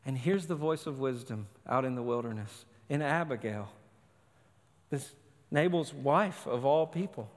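A man's voice: medium pitch, lively intonation, a little slow. A male pastor preaching a sermon in emphatic, short, punchy phrases. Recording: long hall reverb.

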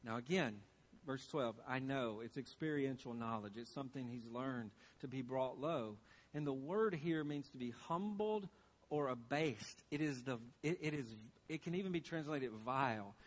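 A man's voice: medium pitch, normal speed. A man pastor preaching a sermon, earnest and questioning, repeating phrases for emphasis.

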